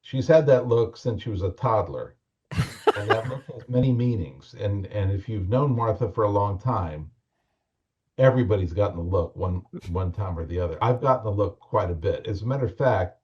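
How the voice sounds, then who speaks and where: A man's voice: lowish voice, lively intonation, normal speed, a little mellow, lo-fi sound. A male guest telling joking anecdotes with dry, teasing humor.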